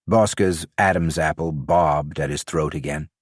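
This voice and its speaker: In clean studio sound without room sound, a man with a low-sitting voice narrates an audiobook from a script, measured and expressive as he tells the story.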